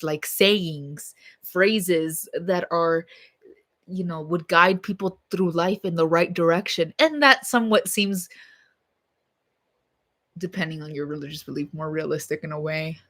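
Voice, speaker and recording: A woman's voice: lowish voice, measured pace, a bit bright. Blunt, rambling young woman vlogger. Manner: rambling, blunt, swears freely. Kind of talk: casual rambling chat to camera.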